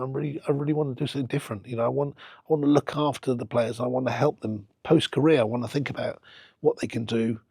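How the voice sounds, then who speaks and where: Husky gravelly man telling stories. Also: medium pitch, no room sound. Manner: animated anecdote-telling, acting out quoted exchanges. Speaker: football club owner and entrepreneur. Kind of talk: casual storytelling interview.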